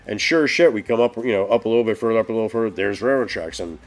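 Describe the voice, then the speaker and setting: A man on a casual live stream, telling road stories in an animated way and swearing a lot. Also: fairly low pitch, rapid-fire, few pauses. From northeastern US. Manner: animated storytelling, heavy swearing. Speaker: podcast co-host.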